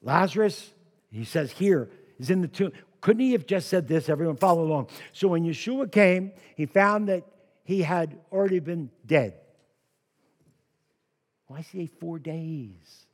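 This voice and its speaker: A male pastor preaching a lively sermon, with personal asides and humor. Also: high-pitched, normal speed. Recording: long hall reverb.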